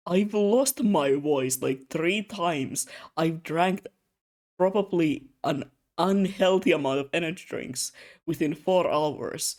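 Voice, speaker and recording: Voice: mid-range voice, slow. A young adult streamer chatting casually while drawing, telling rambling stories with lots of asides and frequent laughter. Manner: animated storyteller, laughs often; rambling, many fillers and asides.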